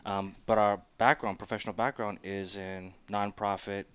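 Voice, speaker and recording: A man interviewed as a painter, speaking calmly with a very low voice. The recording is close and dry. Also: moderate pace, clean tone, dry recording. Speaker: guest painter. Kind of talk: casual interview chat.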